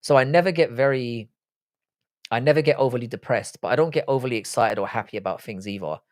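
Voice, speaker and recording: A man's voice: medium pitch, quick pace. A young British man from England hosting a livestream, reading out viewer comments in casual, blunt, sweary banter. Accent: British English. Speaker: livestream host.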